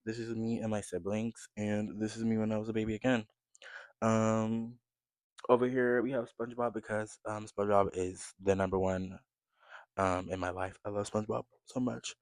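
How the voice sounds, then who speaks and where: A young man in his twenties from the United States with a low, deep voice, talking casually to camera from his bedroom. His rambling, chatty delivery turns upbeat as he shows things around him. The sound is close and dry, with no room echo. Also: darkish tone. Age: 20s. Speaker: vlogger.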